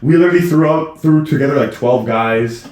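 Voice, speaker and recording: A young man co-hosting a casual podcast with his sister. He teases and boasts as he tells his stories, at an ordinary pitch. The room around him echoes. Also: fairly quick, darkish tone. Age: young adult. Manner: teasing, boastful storyteller. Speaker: podcast co-host. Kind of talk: casual sibling banter.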